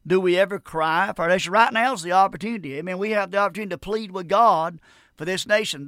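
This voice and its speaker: Brief: middle-aged American radio preacher, earnest, pleading, stumbling restarts; slightly high voice, dead-dry studio sound. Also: male voice, fast, pushed and bright, no room sound. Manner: earnest, repeats words and restarts, pleading questions. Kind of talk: radio sermon.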